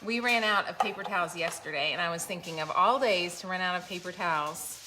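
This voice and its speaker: A woman's voice: fairly low pitch, brisk, noisy background. A woman, chatting to viewers in a home kitchen while she cooks, talking casually and joking about herself. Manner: chatty, self-deprecating, talks straight to viewers. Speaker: cooking vlogger. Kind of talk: casual cooking demonstration.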